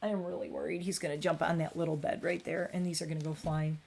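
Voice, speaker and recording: Woman, forties, lowish voice, chatty, rambling, home bathroom livestream. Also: flat delivery, fast, vocal fry, a little mellow, slight background noise. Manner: chatty, rambling, coos at her cat. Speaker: beauty livestream host. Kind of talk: casual livestream chat.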